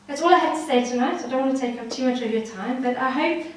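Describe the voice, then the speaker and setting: A woman's voice: sits high, quick pace, slight background noise. Woman guest speaker, earnest and encouraging; roomy hall sound, distant mic. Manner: earnest, encouraging, addresses audience directly. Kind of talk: personal testimony talk. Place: hall at a ladies' social evening. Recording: echoey room from far off.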